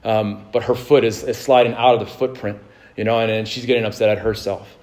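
A male pastor delivering a sermon, moving between fervent exhortation and calm storytelling, with frequent fillers and repeated words. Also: fairly low pitch, a little fast. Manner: rising fervor, then a calm storytelling tone.

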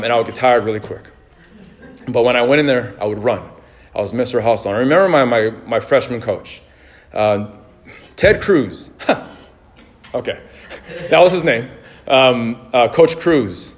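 Man, 30s, pastor, loose conversational sermon delivery, mid-range voice. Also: medium pitch. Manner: casual, anecdotal, laughs easily, many restarts.

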